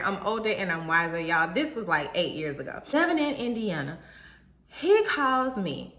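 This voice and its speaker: A young woman telling a personal story to her viewers in a casual, animated way, talking straight to them. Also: medium pitch, moderate pace. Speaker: vlogger. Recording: roomy echo.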